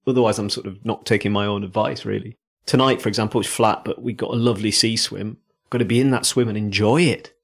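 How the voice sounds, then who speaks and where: A man's voice: on the low side, steady tone, fast, gravelly, husky. A man from South Africa with a South African accent, co-hosting in casual chat. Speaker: podcast co-host.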